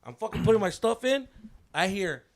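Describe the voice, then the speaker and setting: A man's voice: high voice, very animated, normal speed. A man in his thirties telling a wild story on a casual podcast, slangy, swearing often and mixing in Spanish words.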